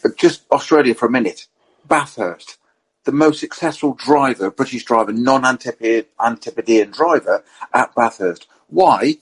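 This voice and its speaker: A man telling lively anecdotes in a relaxed podcast chat, acting out the quotes in his stories. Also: medium pitch, unhurried, slightly rough, low-quality recording. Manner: animated storyteller, acts out quotes.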